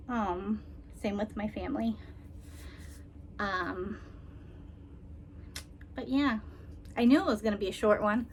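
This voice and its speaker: A woman vlogger talking casually and tenderly, with frequent ums and soft laughs, near tears. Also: medium pitch, takes it slowly, long pauses, slight background noise. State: emotional, holding back tears. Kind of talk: casual personal vlog.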